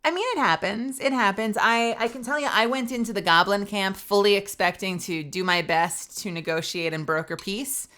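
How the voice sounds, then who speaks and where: A woman's voice: medium pitch, moderate pace, hardly any pauses, bright, forceful tone. A woman streamer and voice actor chatting casually with her viewers, rambling and full of fillers. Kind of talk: casual live-stream chat.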